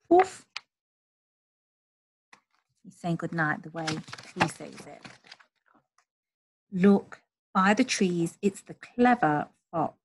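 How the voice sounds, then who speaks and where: A woman reading a children's bedtime story aloud, gentle and slow, with high, playful animal noises. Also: a little hiss or hum.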